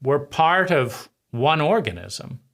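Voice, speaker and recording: A man hosting his own channel, giving a slow, deliberate philosophical monologue with frequent pauses between phrases. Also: on the high side, big pitch swings, a bit bright. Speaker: channel host.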